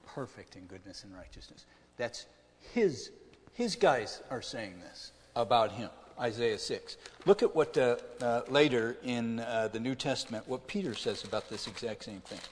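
A man's voice: medium pitch, expressive, normal speed, a little hiss or hum. A man preaching a conversational sermon, asking his listeners questions as he goes. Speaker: pastor. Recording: long hall reverb.

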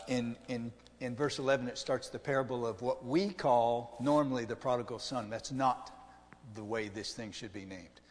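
A man's voice: medium pitch, a little mellow, big-room sound. A middle-aged male pastor preaching a conversational sermon, often asking the congregation questions.

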